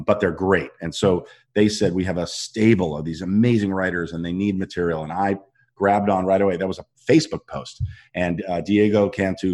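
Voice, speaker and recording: A middle-aged man, an actor, telling animated stories in a casual interview and acting out what people said. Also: sits low. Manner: animated storytelling, acts out quotes. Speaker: actor guest.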